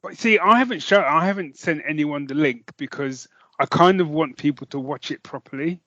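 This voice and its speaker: A man's voice: on the high side, normal speed, sharp tone, no room sound. A British man co-hosting a podcast, chatting casually and enthusiastically, rambling a little and laughing often. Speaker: podcast co-host. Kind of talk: casual chat. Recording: dull lo-fi dry recording.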